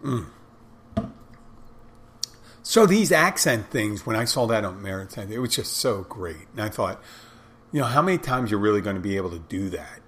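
A man's voice: fairly low pitch, very animated, moderate pace, long pauses, fairly bright tone. A man hosting a podcast, talking on his own in a rambling, conversational way and often correcting himself mid-sentence. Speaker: podcast host. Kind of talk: casual solo podcast monologue.

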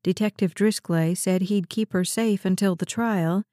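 Mellow-voiced woman narrating a story. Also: medium pitch, fairly even intonation, unhurried, no echo, clean studio sound. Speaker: audiobook narrator. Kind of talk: scripted narration.

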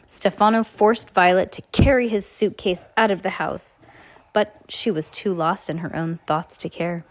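A woman reading a children's novel aloud on her podcast, often stumbling and correcting herself and adding chatty asides. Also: medium pitch.

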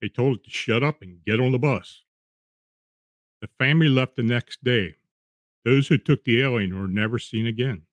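A man reading eerie true accounts aloud in a steady, measured storytelling voice, with the odd restart. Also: medium pitch, no echo. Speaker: narrator reading paranormal accounts.

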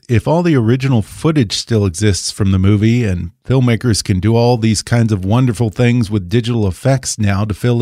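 A man interviewing a guest, asking measured, attentive questions. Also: medium pitch, warm tone, no echo, clean studio sound.

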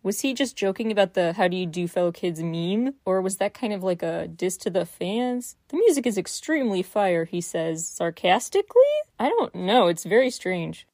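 A woman's voice: on the low side, lively intonation, moderate pace, few pauses, darkish tone, no echo, clean studio sound. A woman hosting a solo news recap podcast, talking through her critiques with incredulous rhetorical questions. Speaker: podcast host.

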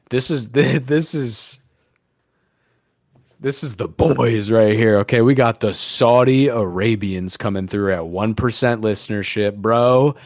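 A man's voice: medium pitch, no room sound, studio quality. A man hosting a podcast in casual chat, crude, rambling and joking. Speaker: podcast host.

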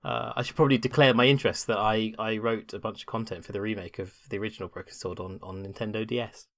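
A man's voice: fairly low pitch, steady tone, fast talker, fairly bright tone, no room sound, clean studio sound. A man co-hosting a casual podcast, enthusiastic and rambling, often restarting his sentences. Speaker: podcast co-host.

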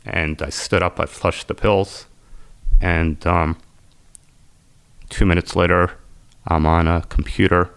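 A man's voice: fairly even intonation, slow, pauses often, fairly bright tone, no echo. A man earnestly telling the story of his own recovery, quoting what people said to him. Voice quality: very deep gravelly voice. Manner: earnest, intense, quotes people as he retells. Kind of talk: emotional personal storytelling.

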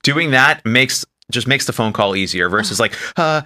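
Man, host, bright tone, casual chat, joking. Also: mid-range voice, moderate pace. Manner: relaxed, joking, acts out phone calls.

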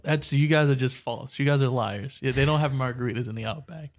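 A man's voice: mid-range voice, brisk, slight background noise. A man co-hosting a casual podcast, telling a story and joking around with his co-host. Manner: joking, laughs often, mock Aussie "mate" asides.

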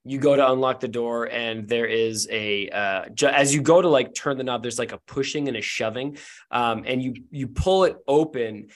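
A man's voice: mid-range voice, moderate pace. Casual man running a tabletop game. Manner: casual, filler-heavy narration. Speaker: game master.

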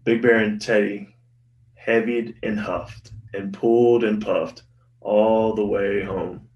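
A man's voice: lowish voice, little pitch movement, takes it slowly, recorded from a distance, lo-fi sound. A man reading a children's Christmas picture book aloud, giving the characters' lines some expression. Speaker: guest reader. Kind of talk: storybook read-aloud. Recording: roomy sound from off-mic, soft music behind.

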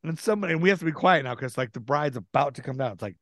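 A man's voice: medium pitch, expressive, rapid-fire, a bit bright, no room sound, clean studio sound. A man as a podcast guest, telling a story with lots of laughter and swearing, acting out what people said. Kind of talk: casual storytelling.

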